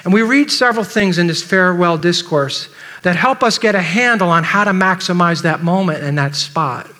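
Man, sermon, high pitch, bright tone, dramatic acted-out voices. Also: normal speed. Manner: dramatic, acts out the disciples' voices. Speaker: pastor.

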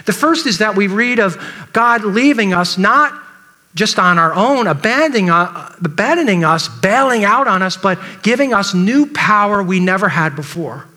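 Bright, high-voiced male preacher. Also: lively intonation, normal speed. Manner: dramatic, acts out the disciples' voices. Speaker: pastor. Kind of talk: sermon.

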